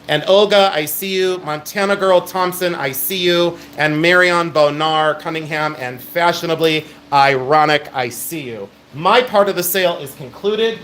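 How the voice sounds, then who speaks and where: A man's voice: a little high, moderate pace, few pauses, a bit bright, slight background noise. A middle-aged man hosts a live-stream jewelry auction. He talks in a chatty, emphatic sales patter. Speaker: live sale host.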